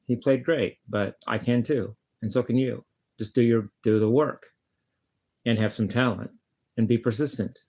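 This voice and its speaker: A man talking casually to the camera in a blunt, rambling monologue, often swearing and stumbling over his words as he restarts sentences. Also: medium pitch. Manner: blunt, swears, many restarts and stammered repeats. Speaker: vlogger, guitarist.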